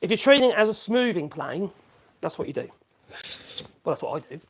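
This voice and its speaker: A man's voice: sits high, big pitch swings, a little fast, heavy background noise. A man chatting casually on a woodworking live stream, rambling, correcting himself and humming between thoughts. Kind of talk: casual live-stream chat while working.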